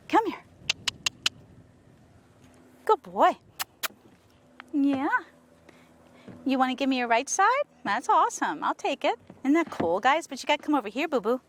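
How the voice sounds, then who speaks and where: A woman horse trainer talking casually to viewers while working a horse, coaxing it with soft praise and explaining with enthusiasm. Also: high-pitched, sing-song, unhurried, pauses often, a little hiss or hum. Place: outdoors with a horse.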